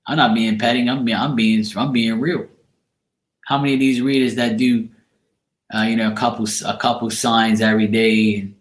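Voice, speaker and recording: At a moderate pace and a level tone, a mid-range male voice belongs to a tarot card reader chatting casually on a live stream at the close of a tiring day. He's blunt, jokey and swears freely, and the room sound is echoey.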